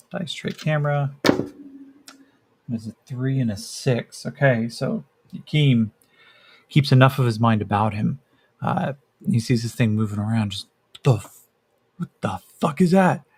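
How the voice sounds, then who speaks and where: A man's voice: medium pitch, fairly even intonation, unhurried, pauses often, a little mellow, breathy edge. A man narrating a solo tabletop role-playing game as game master, casual and hesitant with many fillers.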